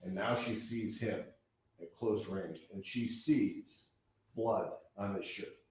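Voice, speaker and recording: A man giving a courtroom opening statement as prosecutor, laying out events step by step in a measured way. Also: fairly low pitch, a little mellow. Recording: echoey courtroom from far off.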